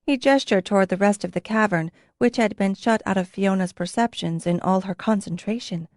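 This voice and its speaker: This is scripted narration of a fantasy audiobook, read by a woman at medium pitch. She keeps an even, measured pace, and the studio-quality recording is dry.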